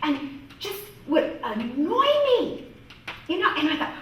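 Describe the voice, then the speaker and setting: A woman from northwest Ohio, a music teacher giving a lively storytelling workshop talk to fellow teachers. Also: high voice, takes it slowly, a little hiss or hum. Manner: lively, storytelling, quotes voices. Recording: echoey room from far off.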